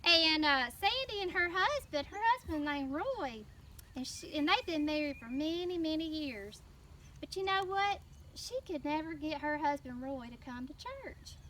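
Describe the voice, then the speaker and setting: A woman with a Southern US accent telling a children's story in church, animated and prompting the kids to answer. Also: high voice, normal speed. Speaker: children's mission teacher. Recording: distant mic with faint noise.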